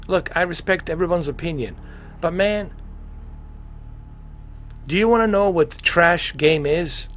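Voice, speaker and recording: A man live-streaming a video game, rambling in excitable, casual commentary and swearing freely. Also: fairly high pitch, a little slow, pauses often, slight background noise.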